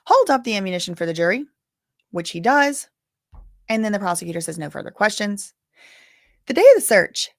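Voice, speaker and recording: A woman's voice: mid-range voice, very animated, brisk, pauses often, no echo, studio quality. A woman giving casual live-stream commentary, reading news updates aloud with chatty asides, sounding tired. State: tired, yawning.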